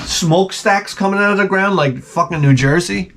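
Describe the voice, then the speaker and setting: A man with a fairly high voice rambles through a comic monologue, swearing freely. He jumps into loud mouth sound effects and acted-out reactions. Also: normal speed, slight background noise. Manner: animated, profane, with loud sound-effect imitations. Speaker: channel host.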